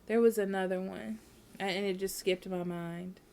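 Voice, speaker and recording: A woman's voice: medium pitch, steady tone, moderate pace, gravelly, warm tone. A woman giving a casual tarot reading at home, speaking frankly and repeating herself, often checking in with "okay?". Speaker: tarot reader.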